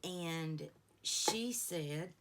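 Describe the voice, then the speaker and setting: Heavy noise fills the recording as a middle-aged beauty vlogger talks in a low voice, stretching out her words. It's a relaxed get-ready-with-me session where her stories drift along with plenty of tangents.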